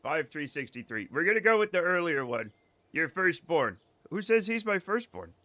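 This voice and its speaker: A man's voice: a little high, big pitch swings, moderate pace, sharp tone, dry recording. A man with a faded Boston accent, joking and swearing through casual gameplay commentary on a live stream and laughing often. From Boston area.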